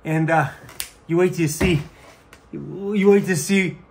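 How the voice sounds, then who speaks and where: A man's voice: a little high, measured pace, vocal fry, background noise. A man chatting casually to the camera in a travel vlog, laughing often and talking fondly to his dog. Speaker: van life vlogger.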